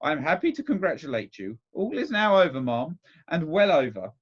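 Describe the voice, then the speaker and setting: A man reading aloud and voicing a meek, timid doctor who speaks softly and placatingly, in a dull lo-fi recording. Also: a little high, huge pitch swings, fairly quick, pitched above the performer's own voice. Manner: soft, mild, placating. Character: meek, timid middle-aged male doctor, soft-spoken.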